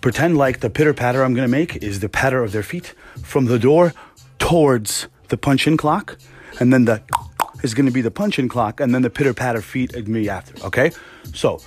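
A man hosting a podcast, ranting casually and profanely with exasperated, animated energy and a husky voice. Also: mid-range voice, brisk, dry recording. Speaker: podcast host. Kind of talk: casual rant monologue.

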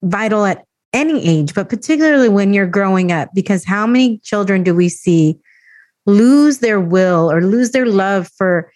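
A woman's voice: mid-range voice, animated, moderate pace, a little mellow, no room sound. A woman podcast host in casual chat, speaking in an emphatic, affirming way.

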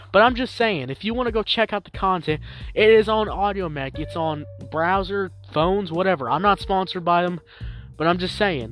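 Dude hosting a music review pod, kinda high voice, rambly, repeats stuff, gets hyped and loud sometimes. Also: male voice. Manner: rambling, repeats himself, lots of fillers; animated, jumps up loud when promoting. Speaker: music review podcast host. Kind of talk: casual solo podcast review.

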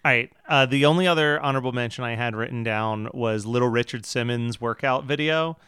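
Bright, crisp man chatting casually. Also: mid-range voice, brisk, no room sound, studio quality. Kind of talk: casual chat.

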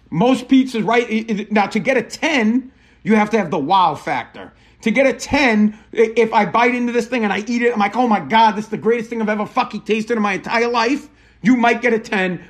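High-voiced man ranting. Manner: animated, profane storytelling with quoted dialogue. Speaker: podcast host. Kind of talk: casual ranting monologue.

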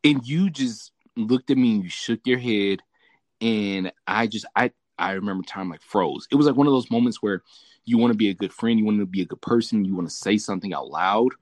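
A man's voice: lowish voice, fairly quick, no echo. A man from Southern California hosting a casual chat, telling a story with lots of swearing and laughter. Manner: profane, laughing, animated storyteller. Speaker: podcast host.

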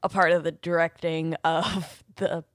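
A woman co-hosting a casual TV episode review chat, blunt and quick to laugh, swearing freely and acting out scenes. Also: low voice, little pitch movement, dry recording, studio quality. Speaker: podcast co-host.

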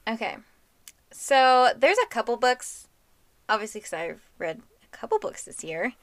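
A woman co-hosting a casual podcast chat, relaxed and agreeable, laughing along with her friend. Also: fairly high pitch, unhurried, dry recording. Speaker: podcast co-host.

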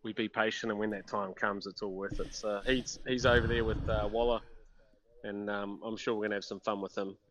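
A man's voice: fairly low pitch, fairly even intonation, fairly quick, background noise. A middle-aged man with a New Zealand accent, chatting laid-back and hesitant with many fillers. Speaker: national cricket coach as guest. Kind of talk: relaxed chat by phone. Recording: dull lo-fi line.

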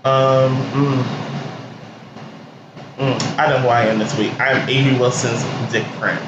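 A man's voice: mid-range voice, fairly even intonation. A man hosting a podcast in casual chat, playful and rambling, cursing freely and trailing off between phrases. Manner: playful, rambling, profane, with drawn-out trailing pauses. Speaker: podcast host. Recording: roomy, dull, very noisy podcast recording.

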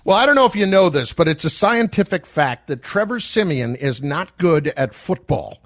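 A man's voice: on the high side, sing-song, moderate pace, fairly bright tone, dry recording, clean studio sound. A man giving confident football picks as an analyst on a sports talk show.

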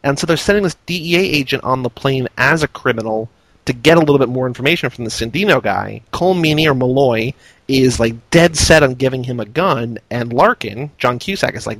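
A man's voice: mid-range voice, animated, a little fast, fairly bright tone, no echo, low-quality recording. Man recapping a movie, dry sound. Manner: explains plot, keeps checking with "right?". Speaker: podcast co-host. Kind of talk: casual chat about a movie.

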